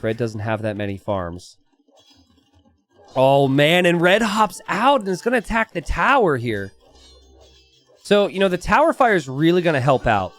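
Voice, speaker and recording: A young man commentating a strategy game in a chatty, casual way, telling a personal story between plays. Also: fairly high pitch. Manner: animated, chatty, lots of "like" and "right?".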